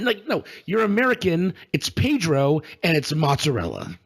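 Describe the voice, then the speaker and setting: Man, podcast co-host, exasperated and sarcastic, fairly high voice, lots of ums. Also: huge pitch swings, moderate pace, creaky, husky. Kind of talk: casual political chat.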